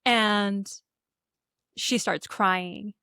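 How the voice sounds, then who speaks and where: A woman's voice: medium pitch, steady tone, extremely slow, pushed and bright, smooth, no room sound, clean studio sound. A young woman co-hosting a podcast, chatting casually and animatedly about a film and acting out the characters' lines. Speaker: podcast co-host. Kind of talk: casual chat recapping a movie.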